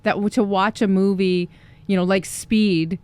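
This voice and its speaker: A woman's voice: medium pitch, fairly even intonation, a little slow, darkish tone, clear, resonant tone. A woman in her forties co-hosting a casual podcast, chatty and agreeable. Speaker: podcast co-host.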